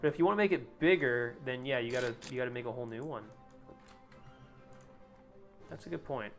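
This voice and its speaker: A man's voice: mid-range voice, fairly quick, a bit bright, faint music behind. Rambling, foul-mouthed young streamer guy. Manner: rambling, profane, laughs at own jokes. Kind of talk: casual live-stream chat.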